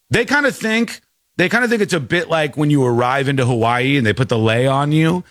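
An American man co-hosting a casual news commentary chat, animated and jokey, often slipping into mock voices. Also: on the high side, fast talker, dry recording, clean studio sound. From United States. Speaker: co-host.

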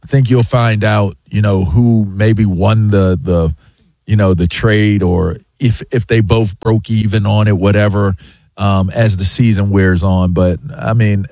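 Low-voiced man, opinionated sports talk. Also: fairly even intonation, a little slow, dark tone, no room sound. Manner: emphatic, opinionated, talks in long run-on thoughts. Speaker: sports talk show co-host. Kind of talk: casual sports radio chat.

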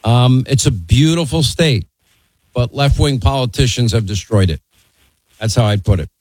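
A man's voice: medium pitch, normal speed, a little mellow, dry recording, poor audio. A man hosting a call-in talk radio show, talking bluntly and conversationally and teasing his callers.

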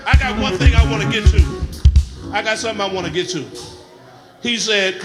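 With faint music in the background, a middle-aged male pastor delivers a passionate sermon in a high voice at a fairly quick clip. His delivery moves between hushed storytelling and shouted calls for the congregation's response.

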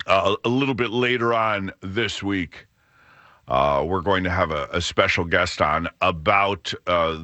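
Middle-aged male radio host, deep and bright, meandering chat, dry studio sound. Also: dry recording. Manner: rambling with frequent restarts and fillers. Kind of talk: casual radio talk.

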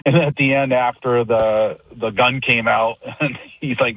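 A man's voice: medium pitch, fairly even intonation, measured pace, dry recording. A man calling into a radio show, chatty as he retells a favorite scene, heard over a phone line. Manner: chatty fan, laughs while retelling. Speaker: radio caller. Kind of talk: phone-in chat.

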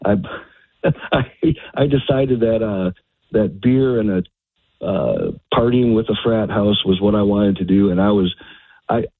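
Husky older man on a tinny phone line. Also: lowish voice, dry recording. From Texas. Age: 50s. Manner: hesitant, halting with many fillers. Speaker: caller, retired army sergeant. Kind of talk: phone-in conversation.

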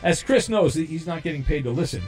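Rambling high-voiced male radio host. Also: animated, quick pace, a little mellow, faint music behind. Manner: rambling, stumbles over fillers. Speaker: radio host running a call-in game show. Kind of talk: loose, joking radio talk.

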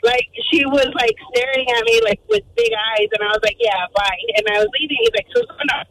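Animated woman caller on a phone line. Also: high voice, a little fast, hardly any pauses, a little hiss or hum. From Arizona, USA. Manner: animated storyteller acting out quoted voices. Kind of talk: telling a story on a radio call-in.

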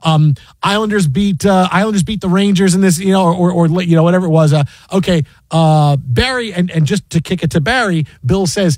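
A man's voice: high-pitched, brisk, hardly any pauses, darkish tone, dry recording, rough recording. A middle-aged man hosting a sports talk radio show, telling a story in a rambling way full of "like" and "you know". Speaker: radio host. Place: radio studio.

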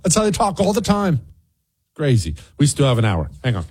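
A man's voice: sits high, big pitch swings, quick pace, a little mellow, slightly rough. Ranting male political talk host. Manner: ranting, indignant. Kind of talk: political commentary monologue.

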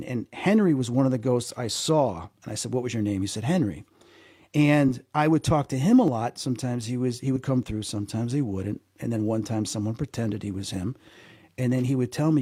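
A man tells his story in a relaxed conversation, his voice mellow and a little husky. He talks with animated energy, repeats words as he goes and acts out the people he quotes. The sound is dry and close. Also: medium pitch, moderate pace, no echo. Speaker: guest.

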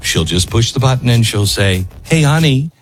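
A man's voice: on the low side, normal speed, faint music behind. A middle-aged man hosting a talk show in a conversational style, breaking off and restarting his sentences. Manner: conversational, self-interrupting, with fillers. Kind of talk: talk radio monologue and ad read.

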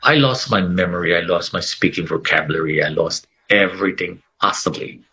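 A man's voice: low voice, fairly quick, pushed and bright, low-quality recording. A middle-aged man telling his life story in conversation, earnest and emphatic, repeating phrases for weight. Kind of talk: personal testimony in conversation.

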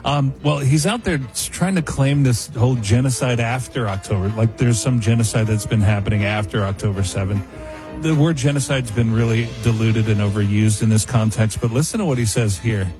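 A man's voice: medium pitch, fairly quick. Male co-host, mid voice, scornful talk-radio delivery over a music bed. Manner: mocking, dismissive.

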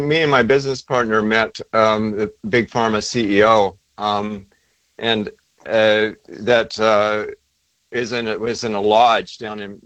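A man speaking as a guest author in a casual interview, halting, with many fillers and restarts. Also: lowish voice, a bit bright, no room sound, poor audio.

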